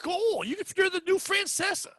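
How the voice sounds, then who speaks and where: Comic guy hosting a podcast, high voice that jumps all over, cracking jokes. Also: animated, a bit bright, no room sound. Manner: joking, quick riffs, acts out quoted people. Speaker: podcast host. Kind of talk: casual comedic chat.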